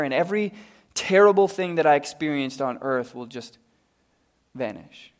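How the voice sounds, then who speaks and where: A man, a pastor and father, preaching a sermon at a live church service. He tells stories, rising to loud, emphatic peaks and dropping to hushed, quiet passages before leading a prayer. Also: on the high side, expressive, moderate pace. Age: adult, father of a young daughter.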